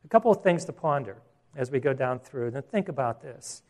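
A man preaching a sermon as pastor, earnest, restarting phrases and slowing down for emphasis. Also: medium pitch, expressive, darkish tone.

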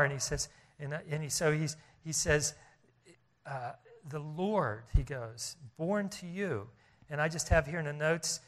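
A man's voice: a little high, a bit bright. A man preaching a sermon as pastor, earnest, often restarting and repeating phrases and rising in volume to stress his points.

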